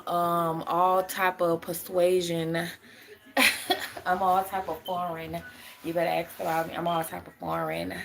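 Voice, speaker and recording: A woman's voice: lowish voice, creaky, a little hiss or hum. A young adult woman on a live stream who rambles, swears and laughs often while answering her chat as a spiritual reader.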